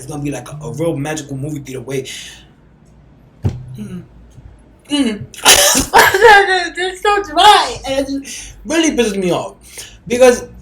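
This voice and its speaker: A woman's voice: deep voice, slight background noise. A woman hosting a podcast, telling a story in casual, blunt and profane talk and acting out the people she quotes. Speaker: podcast host. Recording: roomy echo.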